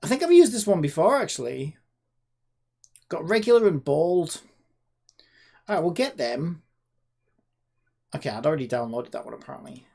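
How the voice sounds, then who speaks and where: A man's voice: a little high, big pitch swings, normal speed, vocal fry, pauses often, a little mellow, husky. A man chatting sarcastically to himself while developing a game. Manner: rambling, sarcastic, talks to himself. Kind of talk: casual screen-recorded dev vlog.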